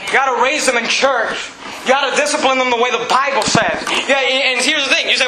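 High-voiced, fiery male preacher. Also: quick pace, reverberant, crowd noise, poor audio. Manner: emphatic, shouting preacher. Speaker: pastor. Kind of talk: fiery sermon.

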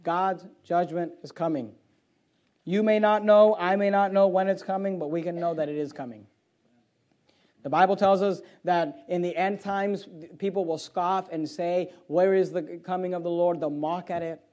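A male preacher with a notably high-pitched voice delivers an evening sermon. He reads scripture in old-fashioned phrasing, drops to low, hushed stretches, then climbs into loud, fervent exhortation. He often repeats words as he works through a thought. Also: steady tone, moderate pace, lo-fi sound. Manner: repeats words while thinking aloud.

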